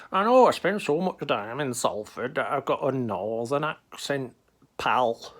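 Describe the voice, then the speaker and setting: A man's voice: mid-range voice, expressive, unhurried, fairly bright tone. A man voicing Jesus as a laid-back, chatty northern English bloke with a Northern English accent, talking casually and calling people pal and lad in a comic interview. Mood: cheerful.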